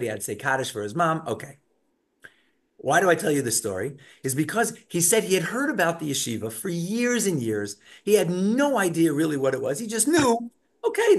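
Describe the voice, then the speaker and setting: Man, Torah teacher, online class, animated storytelling, fairly high voice. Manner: animated, acts out shouting scenes in his stories.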